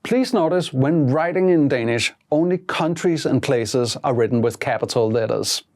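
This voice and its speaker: A woman hosting a language lesson, speaking slowly and clearly and repeating each word twice. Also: extremely low pitch, lively intonation, a little mellow. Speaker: language teacher host.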